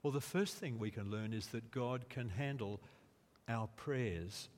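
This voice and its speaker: A man preaching a sermon in a slow, deliberate way, rising to emphatic quotes. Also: medium pitch, a little hiss or hum. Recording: long reverb of a large hall.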